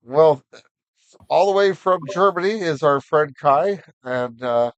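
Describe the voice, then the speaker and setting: A man's voice: a little high, expressive, slow pace, highs cut off, noisy background. A man hosting a live stream, talking casually and encouragingly with lots of fillers. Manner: encouraging, rambling with many fillers. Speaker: livestream host.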